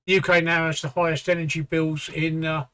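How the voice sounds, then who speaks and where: Bright-voiced British man, offhand banter. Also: a little high, level tone, fairly quick, clean tone. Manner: offhand, swearing, joking. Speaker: streamer co-host. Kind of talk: casual live-stream chat.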